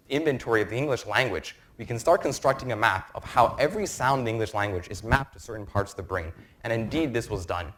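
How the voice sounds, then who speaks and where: A young man in his twenties presenting an academic lecture to a room, explaining research in a quick, informal way. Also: mid-range voice, slight background noise. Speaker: medical student presenter.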